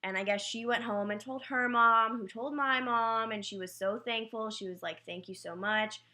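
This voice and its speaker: A young woman telling a personal childhood story in a casual, candid way, with quick self-mocking asides. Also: a little high, sharp tone. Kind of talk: personal anecdote told casually.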